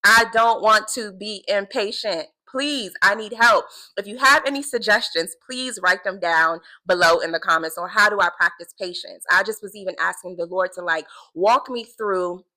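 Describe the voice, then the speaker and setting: Bright-voiced woman vlogging about faith. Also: mid-range voice, normal speed, hardly any pauses, poor audio. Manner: earnest, animated, repeats words for emphasis. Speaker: vlogger keeping a video journal. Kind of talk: casual faith vlog to camera.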